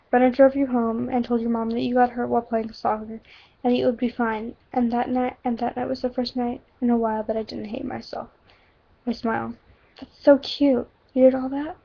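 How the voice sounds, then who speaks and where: A woman's voice: fairly high pitch, gravelly. Woman casually reading a story aloud. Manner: casual asides and self-corrections. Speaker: reader. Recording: dull lo-fi home recording.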